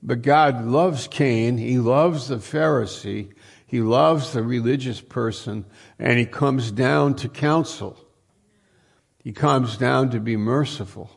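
A man's voice: mid-range voice, takes it slowly, creaky. A man preaching a sermon in a conversational way, full of restarts and rhetorical questions.

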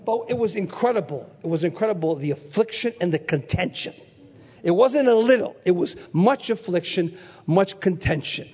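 Husky older preacher shouting in a hall. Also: male voice, sits high, moderate pace. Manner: animated, storytelling, shouting for emphasis. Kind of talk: sermon. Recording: echoey hall.

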